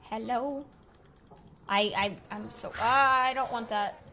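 A young woman hosting a casual let's play, excitable and talking to game creatures as she plays. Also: fairly high pitch, slow pace, a little hiss or hum. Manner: excitable, talks to game creatures, jumps from whispers to yelps. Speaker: gaming channel host.

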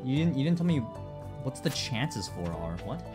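A man's voice: medium pitch, big pitch swings, normal speed. Rambling, stammering male streamer. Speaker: game streamer. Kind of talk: casual live-stream chat. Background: game music.

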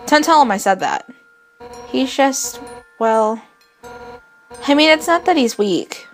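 A woman's voice: sits high, lively intonation, slow pace, soft background music, voice pushed up, full character voice. A woman voicing a brash fish warrior captain. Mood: earnest. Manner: blunt and boastful, with gruff outbursts. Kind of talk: reading game dialogue aloud.

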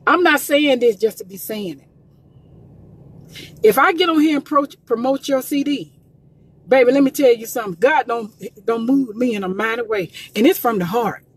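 A woman's voice: on the high side, normal speed, breathy edge. A woman from Georgia, promoting gospel quartet music in an emphatic, repetitive, preachy live talk from her phone. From Columbus, Georgia. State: emotional, near tears. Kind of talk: live social media talk. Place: in a car by the road.

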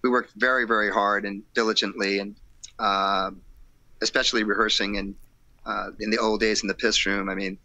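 A man with a low, gravelly voice and a bright, forceful edge tells stories from his band's early days in a loose, animated way. He slips into the voices of people he quotes and laughs often. The sound is dry and close. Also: normal speed, dry recording. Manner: animated storyteller acting out quotes, laughing, swearing. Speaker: rock singer, guest. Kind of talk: storytelling in a casual interview.

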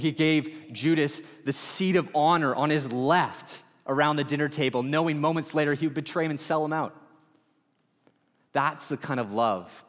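A male pastor preaching a sermon in a conversational, storytelling way, full of quick asides. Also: fairly high pitch, a bit bright, big-room sound.

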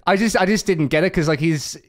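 A man hosting a casual podcast chat, ranting with heavy swearing and quick to laugh. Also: high voice. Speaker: podcast host.

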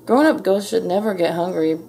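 A woman reading a children's storybook aloud at a slow, expressive pace. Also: medium pitch, vocal fry, a little hiss or hum. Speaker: storybook reader.

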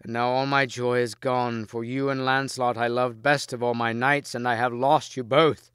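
A man voicing a grieving king mourning his knights, slow and mournful. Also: medium pitch, level tone, a bit bright, clear, resonant tone, no echo, studio quality, lightly acted. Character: grieving old king, tender and sorrowful.

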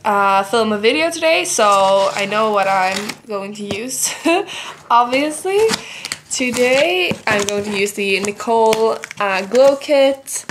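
Young woman vlogger, slightly high voice, slow and gushing, with giggles and fillers, background noise and crinkling. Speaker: beauty vlogger. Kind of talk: excited unboxing vlog.

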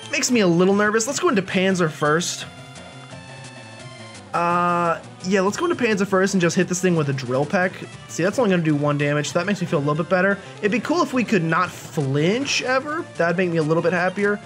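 A chatty, jokey man gives casual commentary over his gameplay, his pitch swinging up and down with animated energy. He rambles along with plenty of fillers and asides. Soft game music sits faintly underneath. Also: brisk. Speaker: let's play host.

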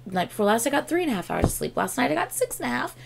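A woman's voice: a little high, very animated, rapid-fire, vocal fry, a little hiss or hum. A tired woman hosting a reaction video, talking casually, swearing freely and singing along.

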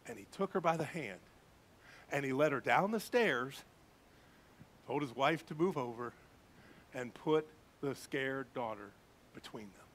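A man preaching as a pastor, telling a quiet story and building to fervent preaching before leading a prayer. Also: mid-range voice, animated, measured pace, long pauses. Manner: swings from hushed storytelling to rising fervent preaching. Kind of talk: sermon with story and closing prayer. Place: church sanctuary.

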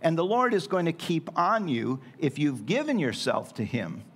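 A man's voice: a little high, sing-song, normal speed, fairly bright tone, husky. A middle-aged man preaching a sermon in a church in a folksy, joking way with playful asides. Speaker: pastor. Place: church sanctuary.

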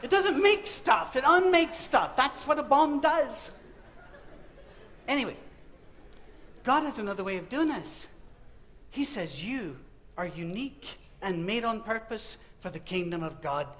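A man's voice: very high voice, animated, a little slow, long pauses, a bit bright, slight background noise. A man with a West Virginian accent giving a humorous sermon talk to students, telling stories with wry, dry punchlines. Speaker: preacher speaking to students.

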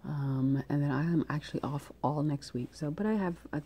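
A woman's voice: low-pitched, moderate pace, mellow, slightly rough. A young woman vlogging her outfits in casual chat, annoyed and ranting, with many fillers and restarts.

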